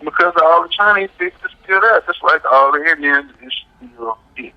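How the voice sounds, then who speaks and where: A man's voice: fairly high pitch, animated, moderate pace, muffled recording. A man speaking, giving a casual radio talk as a guest and pressing his points with a frequent "right?". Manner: emphatic, asks "right?" often.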